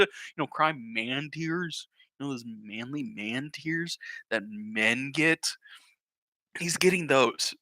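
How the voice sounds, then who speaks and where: A young man and YouTuber telling a comic story in an animated, jokey way. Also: medium pitch, slow, no echo. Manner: animated, jokey, breaks off with laughter. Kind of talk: comedic storytelling.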